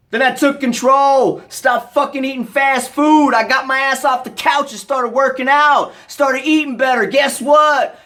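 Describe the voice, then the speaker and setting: Profane, scolding American vlogger. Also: mid-range voice. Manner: profane, blunt, scolding, bursts of shouting. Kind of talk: angry rant to camera.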